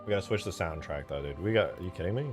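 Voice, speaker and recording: Over music, a game modder and streamer rattles off casual commentary on his own gameplay in a deep, rapid-fire voice. He rambles and talks to himself excitably as he plays.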